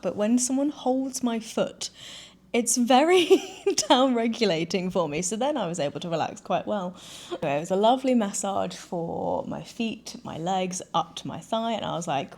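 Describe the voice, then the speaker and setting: A woman's voice: medium pitch, animated, normal speed, a little mellow. Woman in her 30s, vlogger, chatty, giggly, self-deprecating, casual storytelling.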